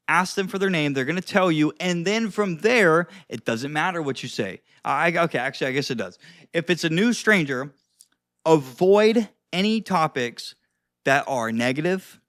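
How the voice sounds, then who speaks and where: Seated indoors and speaking to camera, a young man hosts a social skills video, giving casual advice in a loose, chatty way full of fillers and the occasional curse. His voice is high-pitched with a fairly bright tone, and the recording is studio quality with no room sound.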